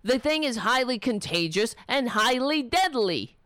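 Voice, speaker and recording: A woman's voice: on the high side, lively intonation, unhurried, a bit bright, dry recording, studio quality. A woman delivering an angry, sarcastic and profane political rant. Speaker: political commentator.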